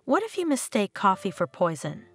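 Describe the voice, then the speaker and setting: A woman's voice: mid-range voice, huge pitch swings, moderate pace, fairly bright tone, slightly rough, soft background music, heavily acted. A woman voicing a spiteful, scheming older mother-in-law who mocks as she speaks. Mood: venomous. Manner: venomous, mocking.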